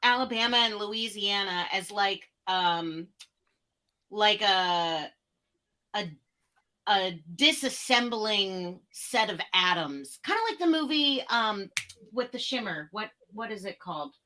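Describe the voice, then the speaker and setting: Woman panelist, bright tone, rambling and playful, video call. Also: mid-range voice, lively intonation, slow. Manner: rambling, playful, searches for words. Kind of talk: casual chat.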